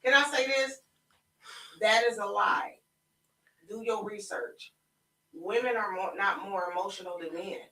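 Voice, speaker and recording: A woman's voice: mid-range voice, fairly even intonation, a little slow, pauses often, sharp tone, distant mic. A woman co-hosting a casual group debate, firm and insistent, repeating her point. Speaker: podcast co-host. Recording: echoey room, off-mic.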